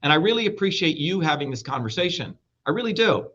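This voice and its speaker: A middle-aged man argues as an interview guest, blunt and profane, cutting across his host. His voice is bright and forceful and sits a little high. The sound is dull and lo-fi. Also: sing-song, fast, slightly rough. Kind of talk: heated interview talk.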